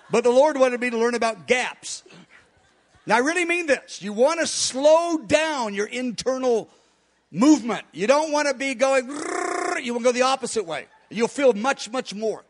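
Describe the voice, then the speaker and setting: A man preaching and teaching on prayer, a fast, hard talker who speaks emphatically and breaks into quick laughs. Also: extremely high pitch, animated. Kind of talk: sermon-style teaching.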